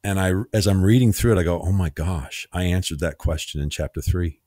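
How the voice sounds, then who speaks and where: A man hosting a podcast interview, telling a personal story in a lively way, acting out the dialogue and laughing easily. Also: low voice, fast, no echo, studio quality. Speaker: podcast host.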